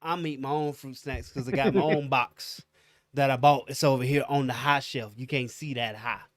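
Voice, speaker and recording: A man's voice: mid-range voice, steady tone, fairly quick, no room sound, clean studio sound. A man co-hosting a podcast, swapping playful stories in casual chat and acting out little quotes. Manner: playful, chatty storytelling with put-on quotes. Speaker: podcast co-host.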